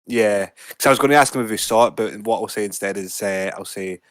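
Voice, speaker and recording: Hesitant low-voiced man playing a tabletop game. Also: quick pace, a bit bright, no room sound, studio quality. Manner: hesitant, lots of ums, thinks aloud. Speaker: player. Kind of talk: casual tabletop play.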